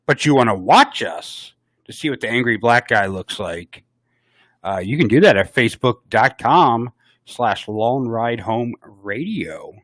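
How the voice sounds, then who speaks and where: A man's voice: on the low side, fairly bright tone, no echo. A man co-hosting a college radio show, teasing and ribbing his co-hosts in casual banter. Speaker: radio co-host.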